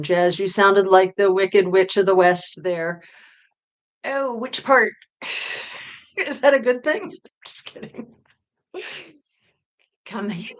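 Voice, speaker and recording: Chatty woman host reading live chat. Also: fairly low pitch. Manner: chatty, reads viewer comments aloud and answers them; voice often drops off quietly at phrase ends. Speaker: true-crime livestream host. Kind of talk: casual livestream chat.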